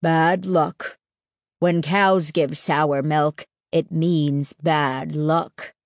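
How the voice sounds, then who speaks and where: A woman reads aloud as a strange, childlike grown farmhand who speaks slowly and haltingly in a lowered voice. He sounds simple and superstitious. The reading is slow and dry, close to the mic. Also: vocal fry, a little mellow, no echo. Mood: fearful.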